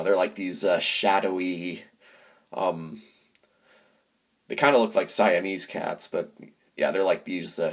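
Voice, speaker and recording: A man giving a casual movie review, pausing often with filler sounds as he gathers his thoughts. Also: sits low. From United States. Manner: halting, many filler pauses. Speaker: film reviewer.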